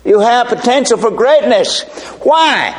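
An older man preaches in a high, swooping voice. He takes his time and leans hard on each phrase. Homespun asides break up the sermon. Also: lively intonation. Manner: slow, emphatic preaching with folksy asides. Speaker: pastor.

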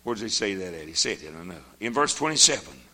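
Folksy older preacher, rising to shouts. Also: male voice, deep voice, sing-song, fast, in a large hall. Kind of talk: sermon.

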